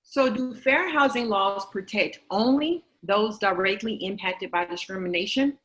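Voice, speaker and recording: A woman presenting a fair housing webinar, explaining in a measured way with occasional fillers. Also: mid-range voice, a bit bright, poor audio. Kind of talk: webinar lecture.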